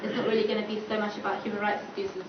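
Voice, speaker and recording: A woman's voice: mid-range voice, level tone, racing. A young woman campaigner giving a chatty panel talk, full of "like" and acted-out quoted dialogue. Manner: chatty, filler-heavy, acts out quoted dialogue. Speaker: student campaigner. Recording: distant, echoey, dull and noisy room recording.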